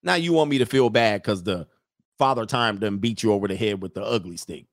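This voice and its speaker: A man's voice: fairly low pitch, brisk, no echo. Mocking slangy man, dry close sound. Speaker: commentator reacting to photos. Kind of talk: casual on-screen commentary.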